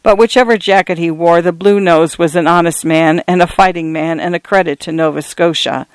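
A man narrating a story in a measured, earnest storytelling manner. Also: fairly high pitch, fairly even intonation, clean tone, no echo, low-quality recording.

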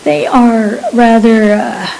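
A woman's voice: on the high side, slow, creaky, dark tone, a little hiss or hum, rough recording. A woman voicing a prim, fretful upper-class Victorian wife with refined speech. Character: fretful genteel Victorian lady Mary, prim.

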